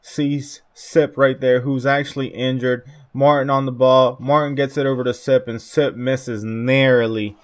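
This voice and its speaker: A young man talks his viewers through a football video game match in a loose, chatty way. He gets excitable over the big moments and keeps calling his audience "boys." His voice sits at an ordinary middle pitch for a man. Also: a little slow, hardly any pauses. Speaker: gaming YouTuber. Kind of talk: gameplay commentary.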